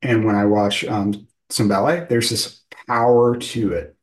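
A man's voice: lowish voice, steady tone, a little slow, low-quality recording. A man interviewing a guest, talking loosely and searching for words, with many fillers. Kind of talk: casual conversational interview.

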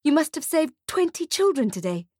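Admiring female mall staffer, raised pitch, read by a woman narrator. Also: very animated, moderate pace, darkish tone, no room sound, studio quality.

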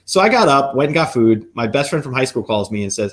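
A man, guest on a podcast, talking as a psychic medium and lawyer, telling stories in an animated, lively way. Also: mid-range voice. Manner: animated, quick storyteller. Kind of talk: storytelling in a podcast interview.

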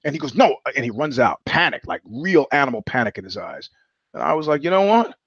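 A man's voice: mid-range voice, lively intonation, fast, vocal fry, a bit bright, slightly rough, dry recording, muffled recording. A man hosting a podcast, telling stories in a blunt, profane, rambling monologue with frequent restarts. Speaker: podcast host. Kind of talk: casual monologue.

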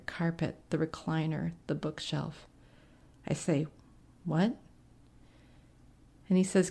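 Gravelly low-voiced woman reading a story. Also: a little mellow. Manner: conversational, wry storytelling. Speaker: story reader. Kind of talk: first-person short story narration.

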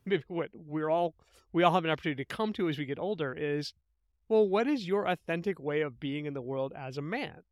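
Animated middle-aged male guest. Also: on the high side, brisk, dry recording, clean studio sound. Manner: animated storyteller, thoughtful. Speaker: interview guest, writer. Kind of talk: conversational interview.

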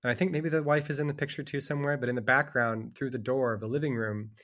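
A man's voice: medium pitch, steady tone, fast talker, fairly bright tone. A middle-aged man, a children's book author, chatting casually as a guest, rambling and chuckling with lots of "like" fillers. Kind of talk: casual conversation about books.

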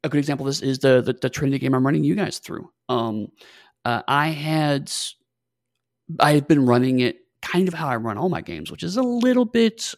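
A man's voice: mid-range voice, no room sound, clean studio sound. A man co-hosting a podcast, talking in a reflective, hesitant way with many fillers. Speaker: podcast co-host, game master. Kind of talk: casual chat.

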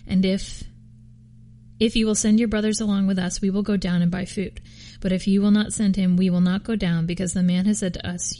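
A woman reading scripture aloud for a podcast, steady with occasional slips and restarts. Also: mid-range voice. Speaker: podcast reader.

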